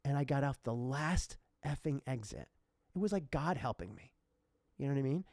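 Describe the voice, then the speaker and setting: A man's voice: mid-range voice, lively intonation, normal speed, vocal fry, darkish tone, no room sound, clean studio sound. A man co-hosting a podcast who tells a personal story in an earnest, rambling way, with many restarts and asides. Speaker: podcast co-host.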